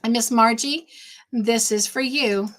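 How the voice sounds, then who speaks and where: A woman's voice: on the high side, unhurried. Bubbly woman hosting a live stream. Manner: warm, effusive greetings to chat viewers, easily sidetracked. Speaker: livestream host. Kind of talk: casual live-stream chat.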